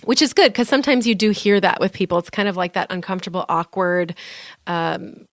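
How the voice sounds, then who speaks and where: A woman's voice: fairly low pitch, brisk, no echo. A woman co-hosting a podcast in a small studio, chatting casually with lots of fillers and playful teasing. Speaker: podcast co-host.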